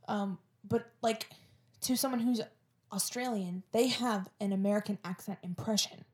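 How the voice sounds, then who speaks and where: A young woman with a Florida accent, talking loosely and jokingly as a podcast co-host from a home setup. Her voice sits at an ordinary pitch, and she scatters "like" and "um" through her casual chat. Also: normal speed, a little mellow. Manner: chatty, jokey, peppered with "like" and "um".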